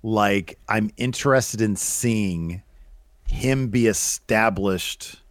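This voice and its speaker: Low-voiced man sharing blunt opinions. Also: drawn-out words, no echo. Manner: opinionated, with hesitant restarts. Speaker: podcast co-host. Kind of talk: casual opinionated podcast chat.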